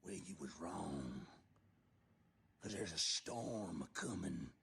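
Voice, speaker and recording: A man voicing a menacing mock Southern hillbilly man with a put-on Southern US drawl and hushed, threatening asides. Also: deep voice, lively intonation, takes it slowly, creaky, breathy edge, full character voice. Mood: mock menace.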